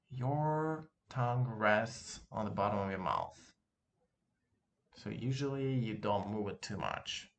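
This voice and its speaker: A man's voice: fairly low pitch, gravelly, fairly bright tone. A man with a Russian accent, a native Russian speaker, teaching a casual online language lesson and patiently repeating words for practice. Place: room with open window, street noise behind.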